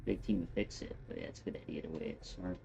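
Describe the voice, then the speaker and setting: Laid-back low-voiced man, joking. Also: fast, gravelly, warm tone, a little hiss or hum. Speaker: co-streamer. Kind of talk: casual gaming chat. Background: game music.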